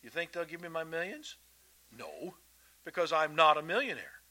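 A man delivers a sermon in a folksy, emphatic way, repeating himself as he makes his points. His voice sits a little high and sounds very bright and sharp. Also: fast talker, poor audio. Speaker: preacher. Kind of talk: sermon to children and adults.

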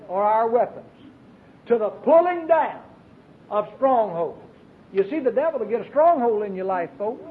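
A Baptist preacher, preaching an emphatic, storytelling sermon with many repeated phrases. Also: male voice, lively intonation, normal speed. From Arkansas, US. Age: 40s. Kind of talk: fervent sermon. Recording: tinny lo-fi recording with faint hiss and rumble.

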